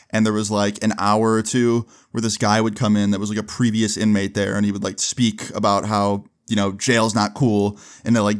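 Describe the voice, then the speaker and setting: A man's voice: lowish voice, clean tone. A young man casually telling a personal story for his vlog, loose and chatty with lots of filler words and swearing. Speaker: storyteller vlogger.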